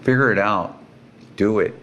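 A man's voice: on the low side, a little slow, a bit bright, muffled recording, a little hiss or hum. A man who is a guest, telling a personal story in an earnest, emphatic way. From Sacramento area.

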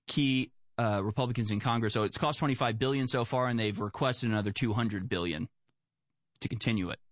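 A man's voice: mid-range voice, brisk, no echo. Sarcastic man riffing on the news. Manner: sarcastic, animated, spins mocking hypotheticals. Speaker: political commentator. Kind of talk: solo political commentary, reading news aloud.

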